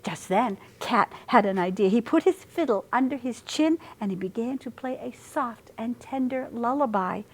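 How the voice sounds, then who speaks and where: A woman reading a picture book aloud at storytime, expressive and sing-song through the rhymes. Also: a little high, moderate pace, few pauses. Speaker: storytime reader.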